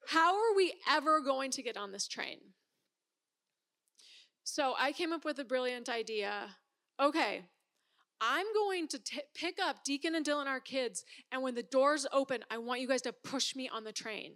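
A woman in her thirties telling a personal story in an animated way, acting out her own thoughts as she goes. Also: high-pitched, normal speed.

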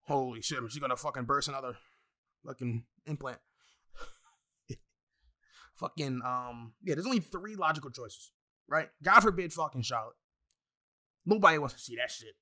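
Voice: medium pitch, normal speed, pauses often, pushed and bright. A wrestling fan in a casual, profane rant full of exasperated asides and heavy swearing.

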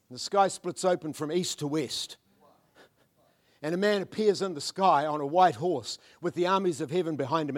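Man, high-pitched preacher; fervent, dynamic sermon delivery with quiet prayerful drops. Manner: swings from loud fervent declarations to hushed murmured prayer; mimics churchgoers in asides.

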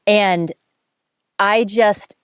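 A woman's voice: medium pitch, extremely slow, clear, resonant tone, no room sound, studio quality. A woman in her thirties telling a long personal story in a candid, chatty way, swearing freely and poking fun at herself. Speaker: podcast host telling a dating story. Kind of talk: casual storytelling monologue.

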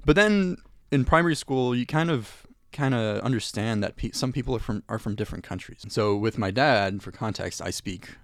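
A young man with a French accent, a guest talking haltingly in a casual radio interview, often restarting his sentences. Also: medium pitch, expressive, dry recording, clean studio sound. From Italy. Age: young adult. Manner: halting, many restarts and fillers.

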